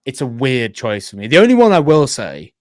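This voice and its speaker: A man with a mid-pitched voice shares blunt, opinionated takes on a casual film podcast and swears freely. The sound is dry, with no room echo. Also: wildly swooping pitch, brisk, a little mellow. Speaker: podcast co-host. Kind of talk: casual movie podcast chat.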